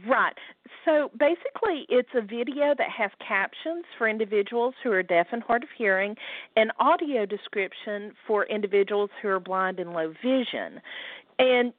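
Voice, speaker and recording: A woman with a Southern US accent answers interview questions in a clear, friendly, explanatory way. Her voice comes over a dry, phone-like line. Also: mid-range voice, lively intonation, moderate pace, no echo. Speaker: guest, communications specialist.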